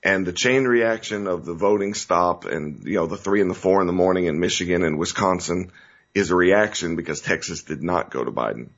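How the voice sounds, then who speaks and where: Low husky man hosting a talk show. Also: fairly quick, highs cut off. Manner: earnest, rambling, restarts and gets choked up. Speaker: show host. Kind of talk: emotional political talk show monologue.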